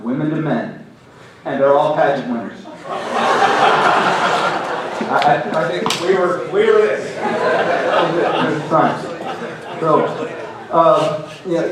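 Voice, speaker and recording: A middle-aged man giving a hall of fame acceptance speech, halting and restarting often, with self-deprecating humor. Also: a little high. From Oklahoma. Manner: halting, many restarts and repeated words. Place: banquet hall. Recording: very echoey hall, heard from a distance.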